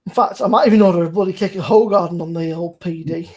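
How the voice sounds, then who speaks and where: A woman's voice: lowish voice, fast talker, darkish tone, husky. A woman hosting a casual chat over beers, rambling, laughing and swearing freely. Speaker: host.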